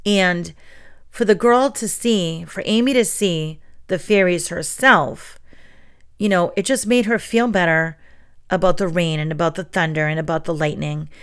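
A middle-aged woman, a teacher hosting a story show, reading a bedtime story and then chatting in a gushing, animated way. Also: lowish voice, measured pace, smooth. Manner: gushing, animated storyteller who acts out quotes. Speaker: preschool teacher and story podcast host.

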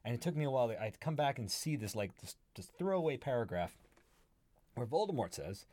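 A man co-hosting a casual book-discussion podcast, animated and acting out his reactions. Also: fast talker, no room sound. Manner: animated, acts out his own reactions with big pitch jumps. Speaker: podcast co-host.

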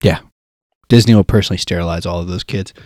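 Young male co-host, lowish voice, dry close recording, lively anecdotal delivery. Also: fast, dry recording. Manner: animated storyteller who acts out quotes. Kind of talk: casual chat.

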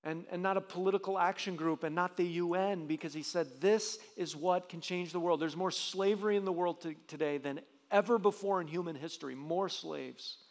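A man's voice: high-pitched, fairly quick, hardly any pauses, in a large hall. A man preaching a sermon as pastor, earnest, with frequent restarts and rising emphasis.

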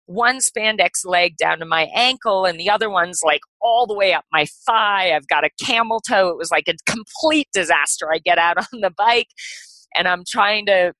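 A middle-aged woman appears as a podcast guest, telling a personal story in a casual, animated way, saying "like" and "you know" a lot. Her mid-range voice comes through a dry but poor-quality recording.

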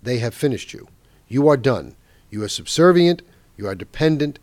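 A man's voice: mid-range voice, lively intonation, moderate pace, a little mellow, no echo. A man hosting a political talk show, speaking in an emphatic, indignant monologue and leaning hard on key words. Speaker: talk radio host.

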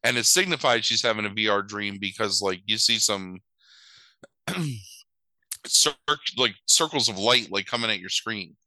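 A man co-hosting a podcast rambles through a movie's plot in casual conversation, heavy on fillers and acting out the characters with overdone voices. His lowish voice is bright and forceful, at a moderate pace with frequent pauses, captured in a dry, rough recording.

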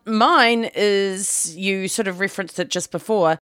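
A woman's voice: mid-range voice, a little slow, a bit bright, smooth, no echo, clean studio sound. Giggly teasing woman on a podcast. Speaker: podcast co-host. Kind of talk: casual movie podcast chat.

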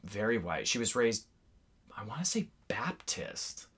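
A man's voice: on the low side, big pitch swings, a little slow, fairly bright tone, breathy edge. A man co-hosting a podcast, musing and rambling in casual conversation with many fillers. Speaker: podcast co-host. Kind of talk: casual chat.

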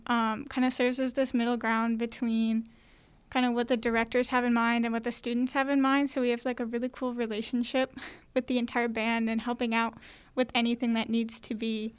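Upbeat teen girl, clear higher voice. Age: teens. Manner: upbeat, fillers like "like" and "kinda". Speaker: student drum major guest. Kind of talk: casual interview answers.

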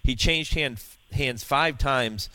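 A man's voice: mid-range voice, slow pace, pushed and bright, smooth, no room sound. A man hosting a radio interview, sincere and appreciative in his questions. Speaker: radio show host.

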